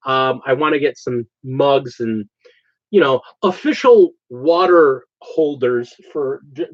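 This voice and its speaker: A man hosting a channel, talking in a halting, jokey way full of fillers while crafting. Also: a little high, dry recording. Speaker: channel host. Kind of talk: casual livestream chat while crafting. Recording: slightly muffled stream audio.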